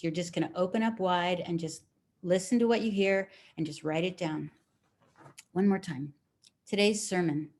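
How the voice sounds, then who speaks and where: A middle-aged woman leading a live writing lesson over a video call, speaking in a relaxed, encouraging way and reading poems aloud slowly. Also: mid-range voice. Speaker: writing teacher.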